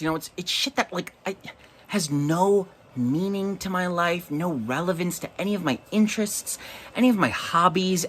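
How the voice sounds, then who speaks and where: A man hosting a casual solo monologue. He is campy and swears freely, and sometimes breaks into shrill mock voices. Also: fairly bright tone. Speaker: podcast host.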